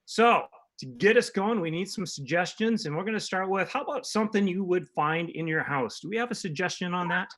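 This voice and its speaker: A man's voice: high voice, lively intonation, a little fast, fairly bright tone. A man hosting an improv comedy show from home over a video call, explaining game rules upbeat.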